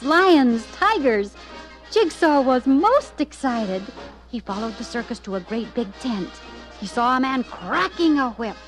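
A woman narrating a children's story aloud in an expressive, lively way. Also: fairly high pitch.

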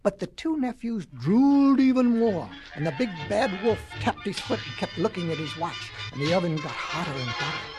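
A woman reading a children's story aloud in an expressive, folksy way. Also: mid-range voice, normal speed, few pauses, soft background music.

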